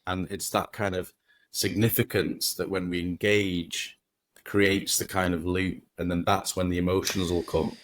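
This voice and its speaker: A man's voice: sits low, level tone, measured pace. A man, a podcast guest, talking casually and at length, swearing freely and acting out inner voices as he goes.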